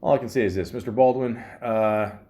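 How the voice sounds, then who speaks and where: A man's voice: fairly low pitch, fairly even intonation, fairly quick, mellow. Rambling, profane man. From Canada. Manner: profane, rambling asides with frequent fillers. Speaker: podcast host. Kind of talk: comedic podcast commentary reading out trivia.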